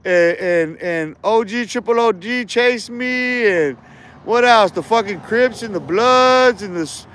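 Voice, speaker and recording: High-voiced man trash-talking outdoors. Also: animated, measured pace, a bit bright. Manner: aggressive, profane trash talk. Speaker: livestreamer. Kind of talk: confrontational outdoor livestream rant. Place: outdoors by a street.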